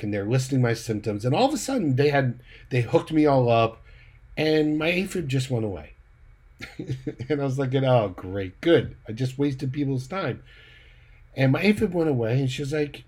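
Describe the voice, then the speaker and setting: Husky-voiced guy just chatting through what happened to him, easygoing, quotes people back. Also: medium pitch, a little mellow. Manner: conversational, retelling with quoted dialogue and light laughs. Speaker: church leader giving a personal update. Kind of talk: casual personal storytelling.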